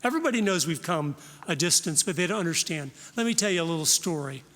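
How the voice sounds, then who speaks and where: A man's voice: on the high side, animated, fast, a bit bright, long reverb tail. A man in his fifties, from Florida, giving an earnest, direct talk at a Christian conference. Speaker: conference speaker.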